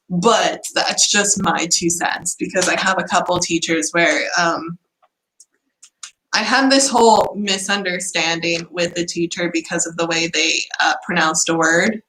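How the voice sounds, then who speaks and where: A woman's voice: on the low side, pushed and bright, echoey room, poor audio. A young woman from the United States chatting casually in a student vlog, self-deprecating and giggly. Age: young adult. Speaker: student vlogger.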